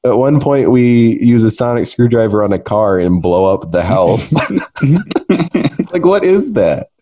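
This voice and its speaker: A young man hosts a relaxed podcast chat, joking at his own expense and breaking into laughter. His voice sits very low and has a mellow, dark tone. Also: measured pace. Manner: laughs often, joking and self-mocking. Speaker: podcast host.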